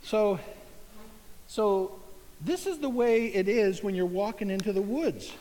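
High-voiced middle-aged man spinning a yarn in a hall. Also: unhurried. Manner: animated, folksy storyteller with laughs and exclamations. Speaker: speaker at an event. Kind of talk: storytelling talk to a live audience. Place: large hall with an audience. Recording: long hall reverb.

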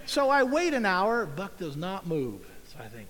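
High-voiced middle-aged man spinning a yarn in a hall. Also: normal speed. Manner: animated, folksy storyteller with laughs and exclamations. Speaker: speaker at an event. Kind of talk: storytelling talk to a live audience. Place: large hall with an audience. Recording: long hall reverb.

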